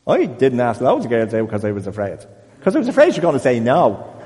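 A man leading an informal Bible talk for a small group, chatty and self-deprecating, growing more animated as he goes. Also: mid-range voice, fast, big-room sound. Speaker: church group leader.

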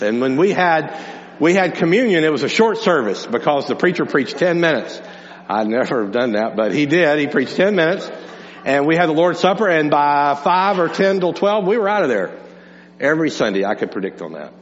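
Earnest pastor preaching in a hall. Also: male voice, a little high. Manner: earnest, repetitive restarts, conversational preaching. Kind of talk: sermon. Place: church sanctuary. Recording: dull lo-fi hall recording with hum.

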